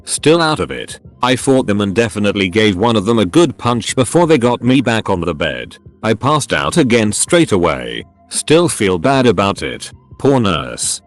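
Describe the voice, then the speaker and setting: A man reading online stories aloud as scripted narration, animated, with dry punchlines. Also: on the low side, moderate pace, soft background music.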